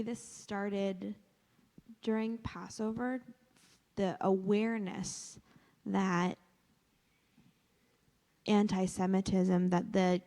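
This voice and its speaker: A woman's voice: mid-range voice, mellow. A woman in a class discussion, speaking reflectively and with some hesitation. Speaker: class participant. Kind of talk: group discussion. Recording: long hall reverb.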